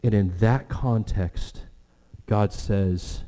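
A man preaching a sermon as pastor, earnest, with animated stretches and hushed prayerful moments. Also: fairly low pitch, very slow. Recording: long hall reverb.

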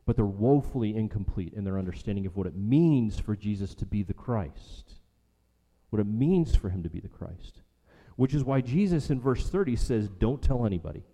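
A man's voice: fairly low pitch, animated, moderate pace, dark tone, muffled recording. A man preaching a sermon as a pastor, emphatic and rhetorical, repeating his key lines for weight. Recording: long hall reverb.

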